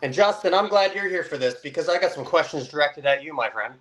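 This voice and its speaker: A man's voice: a little high, fast talker, a bit bright. A man calling in remotely as a wrestler, cutting an aggressive, boastful trash-talk promo. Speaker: wrestler guest. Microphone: remote call.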